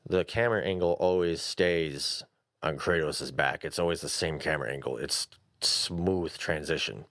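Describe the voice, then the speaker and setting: This podcast co-host has a bass voice, a moderate pace, and a fairly bright tone, captured cleanly in a studio with no echo. He swears freely, rambles, and laughs often while chatting about games on a casual show.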